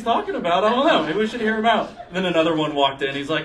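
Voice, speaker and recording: A man's voice: on the high side, lively intonation, fast talker, distant mic, background noise. A young man doing a rambling, crude stand-up comedy set in a bar, often laughing at his own jokes. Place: bar stage with a live audience.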